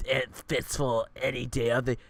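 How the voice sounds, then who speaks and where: A man voicing a brash, vain, hot-tempered bear that talks loudly and sassily. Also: mid-range voice, flat delivery, moderate pace, no room sound, natural voice. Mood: boastful. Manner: loud, brassy, sassy.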